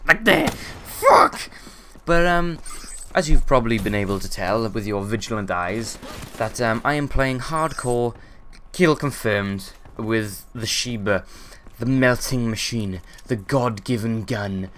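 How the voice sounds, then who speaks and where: A man's voice: fairly low pitch, unhurried, hardly any pauses, a bit bright, slight background noise. Sweary man with hiccups. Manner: rambling, sweary, frequent ums. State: sore throat and hiccups. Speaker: gameplay commentator. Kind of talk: casual gameplay commentary.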